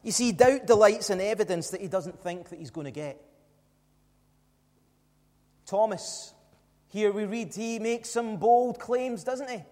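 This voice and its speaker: High-voiced preacher in a reverberant hall. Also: male voice, unhurried, pauses often, dark tone. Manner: emphatic, rhetorical questions to the congregation. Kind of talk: sermon.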